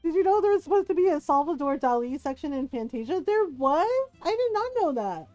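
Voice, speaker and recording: A woman streamer chats to her viewers in a high, bright voice, giggling and acting out the people in her story. The close microphone sounds dry and intimate, and faint music plays underneath. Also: a little fast, dry recording, lo-fi sound. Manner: animated, giggly, acts out quoted voices. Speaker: livestream gamer. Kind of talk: casual storytelling to chat.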